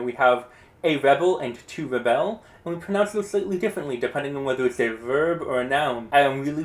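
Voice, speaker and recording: A man giving a casual, encouraging pronunciation lesson, explaining rules in a relaxed, chatty way. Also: on the high side, reverberant. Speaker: Spanish teacher.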